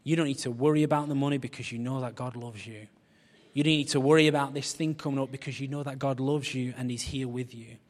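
A man's voice: medium pitch, fast talker. A man, preaching a humorous, story-led sermon. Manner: humorous storytelling, animated voices for quoted people. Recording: long reverb of a large hall.

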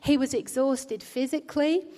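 A woman's voice: sits high, normal speed. Earnest woman preaching in a reverberant church. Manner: earnest, gentle and pastoral, with frequent restarts. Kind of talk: sermon. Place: church hall. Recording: long hall reverb.

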